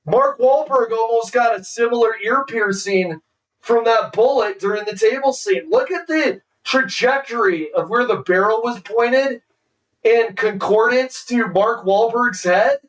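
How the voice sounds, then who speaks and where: High-pitched guy streamer gushing over a movie, says dude nonstop, a bit far from the mic. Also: a little slow. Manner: excitable, says "dude" constantly. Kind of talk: casual movie reaction commentary.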